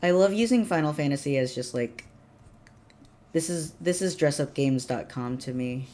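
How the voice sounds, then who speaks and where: A woman livestreaming, chatting casually with viewers, laughing often and breaking into excited bursts. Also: sits low, moderate pace. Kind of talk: casual live-stream chat.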